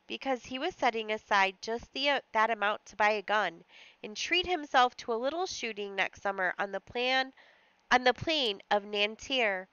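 A woman reads a story aloud for a lesson, her voice bright and crisp. She brings expression to the reading and sometimes stops to explain a word. The recording is dry and a little dull. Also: on the high side, no echo. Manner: expressive reading with short asides and small slips. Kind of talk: read-aloud lesson narration.

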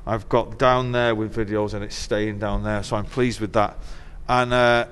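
A man's voice: lowish voice, flat delivery, normal speed, fairly bright tone, clean tone. A middle-aged man and musician, chatting as an interview guest, telling wry, laughing stories laced with swearing. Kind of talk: casual chat. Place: venue dressing room. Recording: long hall reverb.

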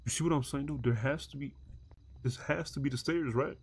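A man's voice: medium pitch, brisk, breathy edge. Profane rambling young man streamer. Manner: rambling, profane, thinks aloud while planning. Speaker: streamer playing a heist roleplay. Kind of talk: casual gaming chat.

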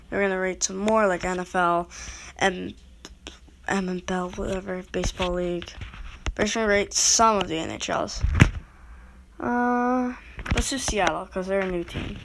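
A woman's voice: medium pitch, noisy background. A woman making a casual video who rambles and interrupts herself while talking straight to her viewers. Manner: rambling, self-interrupting, talks to viewers directly. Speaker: video creator rating goal horns. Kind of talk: casual rambling vlog talk.

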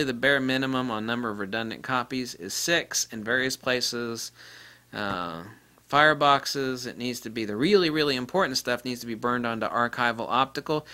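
Give me a blunt, profane man ranting in a tech how-to, with a middle-pitched voice. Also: pushed and bright. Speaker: DIY repair presenter. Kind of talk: off-the-cuff tech tutorial.

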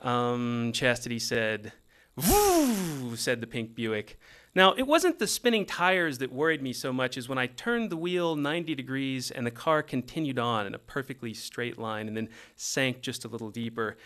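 A middle-aged man from Texas telling a comedic story from his teenage years with a wry, animated delivery. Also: medium pitch, moderate pace.

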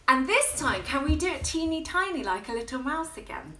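A woman leading a toddler music class in a coaxing, sing-song manner, swooping between high and low notes. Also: sing-song, a little fast, hardly any pauses, background noise. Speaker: children's music teacher. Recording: echoey room with ukulele playing.

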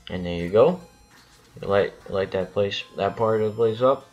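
Brief: deep-voiced man, unhurried, cursing, rambling gameplay commentary, dull lo-fi sound. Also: fairly even intonation, darkish tone, faint music behind. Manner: rambling, swearing, lots of restarts. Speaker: gaming channel host.

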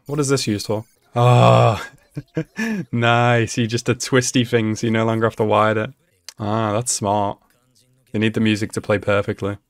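A man hosting an anime reaction video, talking casually and excitedly at the screen, laughing often. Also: medium pitch, no room sound. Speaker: anime reaction channel host.

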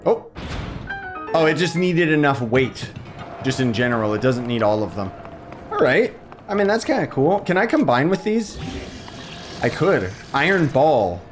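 A young man giving rambling let's-play commentary as he plays a video game. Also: medium pitch. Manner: chatty, rambling with fillers. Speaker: gaming streamer.

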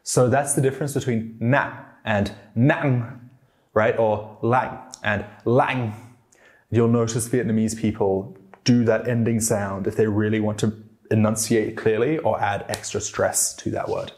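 Low-voiced man explaining language tones. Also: little pitch movement, moderate pace, darkish tone. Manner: demonstrates tones by acting out sounds. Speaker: language teacher.

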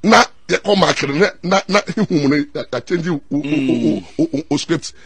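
A middle-aged Ghanaian man and lawyer, telling stories in an excitable way, mixing Twi and English and repeating his words. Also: fairly high pitch, moderate pace, breathy edge, no echo. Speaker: lawyer and commentator. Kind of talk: animated storytelling talk.

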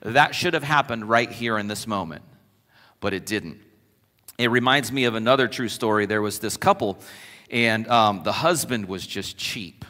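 A man preaching a sermon as pastor, animated and conversational, telling stories to his congregation in a church sanctuary. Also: lowish voice, moderate pace. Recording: long church reverb.

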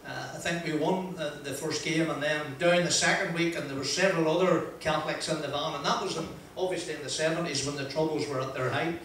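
An older man with a broad Northern Irish accent tells a funny story to a crowd, his voice sitting a little high for a man. He sounds a long way from the mic, and his words ring around a big echoey hall over faint noise. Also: quick pace, few pauses, far from the mic. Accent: Northern Irish, Ballymoney. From Northern Ireland. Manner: broad, lively anecdotal delivery, acting out dialogue. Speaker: motivational speaker. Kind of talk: humorous storytelling speech. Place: event venue with audience.

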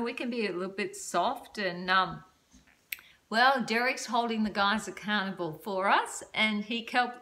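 A woman's voice: mid-range voice, sharp tone. An older woman in casual chat to camera, giving dating advice, chatty and self-deprecating, laughing often.

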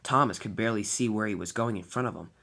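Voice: medium pitch, quick pace, creaky, sharp tone. A narrator telling a toy train fan-film story in a dramatic, storybook way.

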